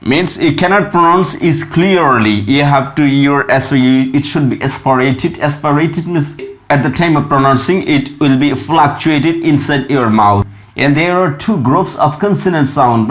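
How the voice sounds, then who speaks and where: A man teaching pronunciation, explaining in a slow, deliberate way and repeating each sound he models. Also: a little high.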